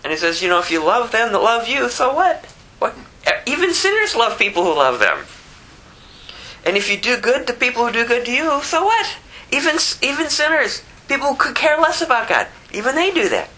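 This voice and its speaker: Bright-voiced woman preaching emphatically. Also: big pitch swings, brisk, rough recording. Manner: emphatic, rhetorical questions, wide swings in pitch. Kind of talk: sermon.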